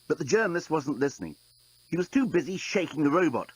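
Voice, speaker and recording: A man narrates an audiobook with a husky, slightly breathy voice. His delivery is dry and wry, with lively rises and falls in pitch. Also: fast talker, poor audio.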